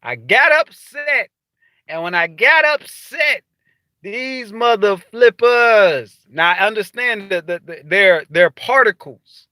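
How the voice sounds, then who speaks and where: A man's voice: sits high, slow pace, dry recording, studio quality. A man speaking casually to viewers in a rambling, profane monologue, full of restarts. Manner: rambling, profane, animated storytelling with frequent restarts. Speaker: spiritual vlogger.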